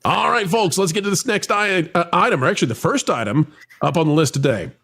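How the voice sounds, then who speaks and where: A man's voice: high voice, fast talker, creaky, husky. A man hosting a casual entertainment news podcast, joking with guests and reading headlines aloud. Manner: animated, jokey, reads headlines aloud. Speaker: podcast host.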